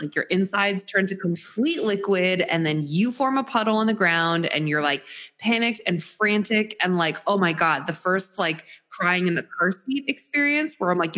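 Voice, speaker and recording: A young woman co-hosting a podcast, telling stories in an animated, dramatic way. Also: lowish voice. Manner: animated storyteller, dramatic exaggeration. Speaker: podcast co-host. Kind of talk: casual chat.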